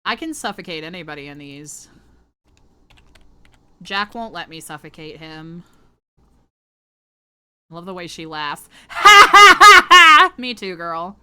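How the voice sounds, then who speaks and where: A woman's voice: sits low, measured pace, long pauses, pushed and bright, clear, resonant tone. A woman streamer chatting casually with her viewers while she draws, playful, flirty and crude. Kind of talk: casual livestream chat while drawing.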